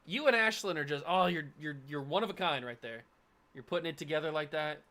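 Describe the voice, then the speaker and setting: A man hosting a live watch-party reaction, chatting excitedly and talking to viewers by name. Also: a little high, brisk. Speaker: reaction channel host.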